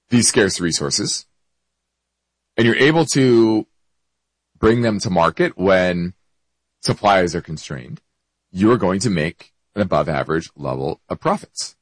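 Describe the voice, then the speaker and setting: A man's voice: sits low, lively intonation, slow, long pauses, breathy edge, no room sound, low-quality recording. A man hosting an investment show, explaining markets and answering a listener's question, with hiccups and frequent self-corrections.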